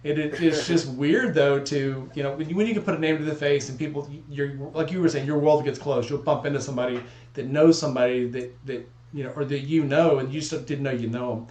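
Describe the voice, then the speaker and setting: A man in casual chat, telling stories in an animated way and acting out the voices he quotes. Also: fairly high pitch, a little fast. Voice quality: bald. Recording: echoey room.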